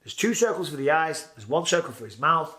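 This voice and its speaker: A man's voice: fairly high pitch, big pitch swings, brisk, bright, forceful tone. A British man in his forties telling a vivid personal story in a casual way, acting out his own past lines. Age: 40s. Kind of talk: casual spoken anecdote.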